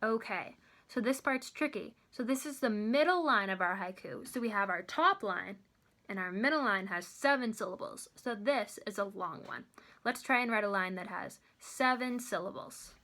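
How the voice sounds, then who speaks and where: A young woman, a college student, giving a friendly lesson to children from home, sounding out words slowly and carefully. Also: medium pitch, lively intonation, sharp tone. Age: young adult. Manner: slow, careful sounding out of syllables. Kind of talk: kids' lesson video.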